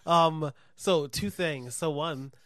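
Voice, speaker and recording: A man chatting casually, telling an animated story with lots of swearing and laughing. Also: on the high side, takes it slowly, over a noisy crowd. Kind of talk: casual podcast chat.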